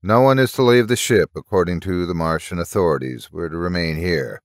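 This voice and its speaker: A man's voice: sits low, fairly quick, no room sound, studio quality. A man doing a curt starship pilot. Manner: curt, commanding.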